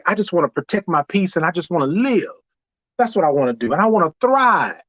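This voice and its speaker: Animated preachy man with a high voice. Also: brisk, dry recording, dull audio. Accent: Houston. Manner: animated, preachy, plays out dialogue. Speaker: host. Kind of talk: motivational monologue.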